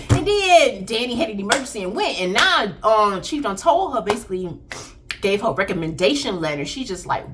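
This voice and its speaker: A woman recapping a TV episode in animated, dramatic casual chat, talking straight to her viewers. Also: medium pitch, a little fast, noisy background. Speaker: faith TV recap vlogger. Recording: music playing behind.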